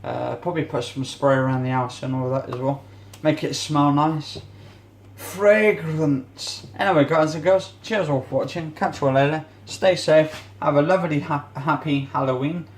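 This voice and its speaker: A man's voice: fairly high pitch, fairly even intonation, normal speed, echoey room. Rambling man vlogging in his kitchen. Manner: rambling, searches for words, chatty. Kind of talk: casual rambling monologue while cleaning. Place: home kitchen, indoors.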